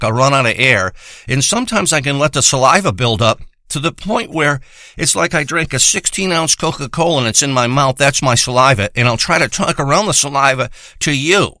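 A man's voice: mid-range voice, sharp tone, no echo. A man delivering a profane, rambling and boastful comic monologue.

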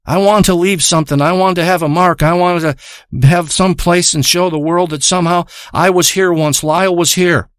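A man's voice: high-pitched, fairly even intonation, moderate pace, fairly bright tone, clean tone, no echo, studio quality. A man voicing his distraught, grieving friend in a retold story, pleading and repeating himself. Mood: mournful.

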